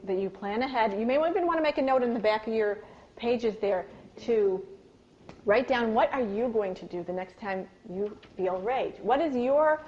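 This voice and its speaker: A woman leads a live parenting workshop with an animated storytelling manner and questions for the room. Her voice sits fairly high. It comes through on a dull, lo-fi recording. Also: a little hiss or hum. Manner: acts out yelled lines in a high, loud voice. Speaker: parenting and communication speaker. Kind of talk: live workshop talk with personal stories.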